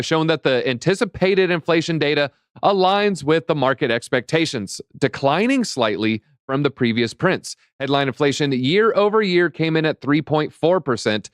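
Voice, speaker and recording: A man co-hosting a casual crypto livestream, joking and telling animated stories about market data. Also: on the high side, dry recording, clean studio sound. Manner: jokey, animated storytelling. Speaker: crypto show co-host.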